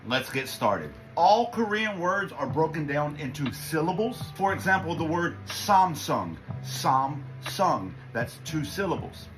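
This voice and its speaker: A man giving a quick language lesson, reassuring and encouraging as he explains. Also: on the high side, lively intonation, poor audio. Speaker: language teacher. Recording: music playing behind.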